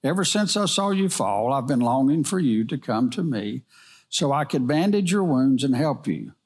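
A loving, patient father from a storybook speaks with warm reassurance, as a man reading the tale puts him on. His voice sits in an ordinary middle pitch and stays soft and tender. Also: big pitch swings, normal speed.

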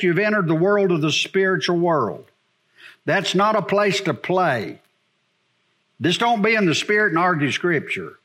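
A man with a high-pitched voice delivers a sermon as a pastor. He preaches emphatically, with urgent warnings and rhetorical questions thrown to the congregation. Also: bright, forceful tone.

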